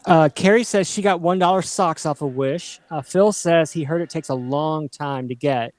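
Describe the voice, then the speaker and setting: A man with a fairly high voice co-hosts a casual livestream, reading out viewer comments in a chatty, self-deprecating way. The sound is dry and close, with no room in it. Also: normal speed, darkish tone, dry recording.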